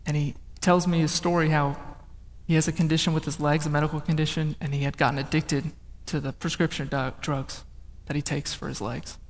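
A young man from the northern United States telling a personal testimony, animated, swinging between loud outbursts and hushed, low passages. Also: a little fast. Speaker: speaker giving a testimony. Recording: long reverb of a large hall.

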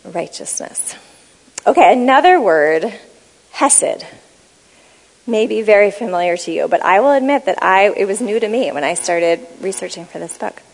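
A woman giving a teaching talk, explaining Bible words and reading passages aloud in a measured, explanatory way. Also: mid-range voice, expressive, big-room sound, rough recording. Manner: measured, explanatory, reads scripture aloud slowly. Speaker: speaker on Bible study.

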